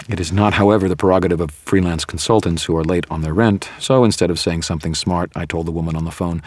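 A man's voice: deep voice, fairly even intonation, quick pace, few pauses, a little mellow, no room sound. A man reading a first-person novel aloud as an audiobook narrator, in a dry, wry storytelling manner.

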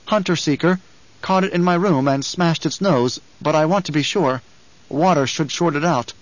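A man voicing a calm, watchful young nobleman, a duke's son, who speaks in a measured, matter-of-fact way, heard in an audiobook reading. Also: fairly high pitch, no echo, highs cut off, voice pushed up, lightly acted.

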